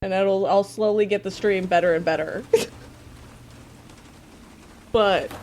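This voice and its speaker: A woman's voice: mid-range voice, slow pace, a little hiss or hum. A young woman live-streaming a game, chatting casually, laughing a lot and swearing. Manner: giggly, animated, swears. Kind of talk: casual live-stream chat over gameplay.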